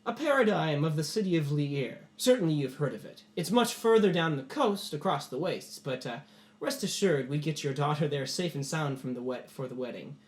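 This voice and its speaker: Man doing an oily, flattering lord's envoy. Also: a little high, normal speed, echoey room, close to an everyday voice. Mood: smooth. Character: smooth-talking male envoy of a lord, flattering and scheming.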